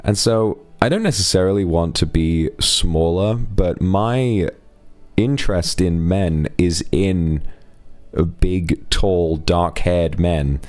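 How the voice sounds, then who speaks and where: Speaking slowly in a deep, slightly mellow voice with no echo, a young streamer thanks his donors. He chats with viewers casually, in a frank and teasing way.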